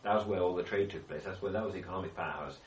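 In an echoey room, far from the microphone and with a faint ambient hum behind him, a man runs a Bible study at a racing pace. His voice is very low, and he regularly turns to the group with questions and restarts sentences.

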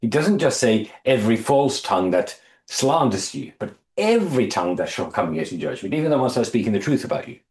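A man leading a Bible study, reading scripture aloud, explaining it with halting restarts and quizzing his listeners. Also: mid-range voice, very animated, a little mellow. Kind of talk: Bible study teaching to a small group. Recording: echoey room.

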